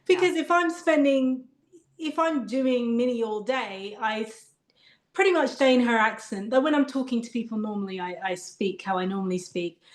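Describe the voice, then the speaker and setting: A woman's voice: fairly high pitch, moderate pace, roomy sound. A woman with a British accent, an actress guest chatting thoughtfully in an interview and laughing often. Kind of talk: casual interview chat.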